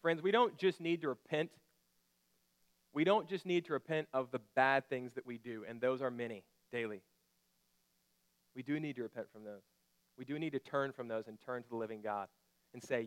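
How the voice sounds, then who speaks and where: A male pastor preaching a sermon, asking rhetorical questions and dropping to a hushed intensity at key points. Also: medium pitch, moderate pace, long pauses.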